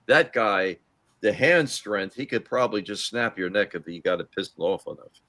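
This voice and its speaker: Animated man telling wrestling stories. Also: fairly low pitch, normal speed, no room sound. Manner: animated storyteller doing quoted voices. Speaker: guest, former police officer. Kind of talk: casual wrestling chat.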